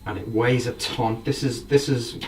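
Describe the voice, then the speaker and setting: A man's voice: medium pitch, steady tone, normal speed. Enthusiastic man, a bit off-mic. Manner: enthusiastic, rambling, admiring. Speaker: drum collector. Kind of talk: casual show-and-tell. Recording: voice from a distance, faint background noise.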